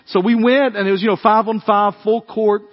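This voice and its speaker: A man preaching a sermon, telling animated family stories in a conversational way and acting out the voices. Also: high voice, brisk, in a large hall, dull audio. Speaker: pastor. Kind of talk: sermon storytelling.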